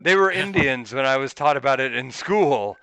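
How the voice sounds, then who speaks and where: A man co-hosting a podcast, telling a story in a casual, animated way, swearing and jumping to a squeaky high pitch when he quotes himself. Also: normal speed, no echo. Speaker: podcast co-host.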